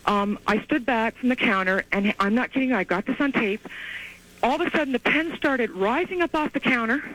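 A woman calling in to a radio show over the phone, telling her story in an excited, rambling way with many restarts. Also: fairly high pitch. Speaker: caller. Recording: tinny phone line.

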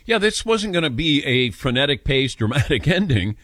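An older man hosts a radio call-in show and chats in a casual, self-mocking way. His pitch rises and falls a lot as he tells stories. The studio mic sounds close and dry. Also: sing-song, normal speed, fairly bright tone, no echo. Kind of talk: casual radio talk with callers.

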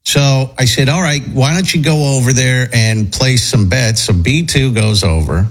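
Husky man telling a rambling story. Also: medium pitch, normal speed, rough recording. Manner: rambling, with many fillers and restarts. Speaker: radio show host. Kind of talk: casual storytelling chat.

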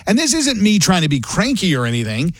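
A man's voice: sits high, wildly swooping pitch, fairly quick, breathy edge, no room sound, clean studio sound. A man hosting a morning radio show, chatting casually and playfully, acting out little scenes.

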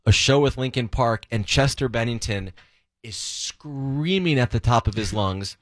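A man's voice: medium pitch, measured pace, no room sound, studio quality. A man co-hosting a radio show, chatting casually and slipping in event details between stories. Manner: relaxed, plugs show info between stories. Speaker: radio co-host. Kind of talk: casual on-air banter. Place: radio studio. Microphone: studio microphone.

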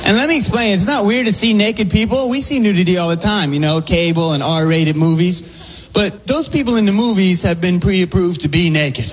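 A man's voice: sits high, moderate pace, soft background music, poor audio. A man doing a wry stand-up comedy routine, telling jokes. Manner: wry, joke-telling delivery.

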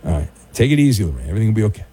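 A man's voice: fairly low pitch, big pitch swings, rapid-fire, dark tone, slightly rough. A man hosting a late-night sports radio show, teasing his co-host in a dry, mock-sympathetic way and reading listener messages. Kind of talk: casual talk radio. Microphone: studio microphone.

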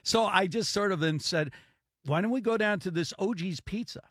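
A man's voice: high voice, normal speed, breathy edge, no echo. An older man hosting a sports radio show, telling stories in casual studio chat and acting out the dialogue. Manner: animated anecdote teller who acts out dialogue.

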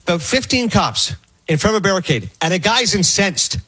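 Man, sports radio co-host, high voice, fast, husky, animated storyteller. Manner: animated, rambling anecdotes with acted quotes. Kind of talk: casual storytelling chat.

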